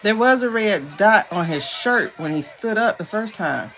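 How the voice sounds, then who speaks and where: Woman streamer, AAVE, incredulous running commentary, voice swings high and low. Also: animated, unhurried, a bit bright. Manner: incredulous, talks back at the screen. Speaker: livestream host. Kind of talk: casual livestream commentary.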